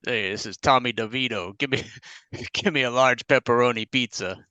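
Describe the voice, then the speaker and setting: A man doing a loud, brash New Jersey guy ordering a pizza, all swagger and broad vowels in an over-the-top impression. The voice is bright and smooth, close and dry on the mic. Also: medium pitch, moderate pace, dry recording, lightly acted. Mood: joking. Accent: put-on New Jersey. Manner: exaggerated, jokey impression.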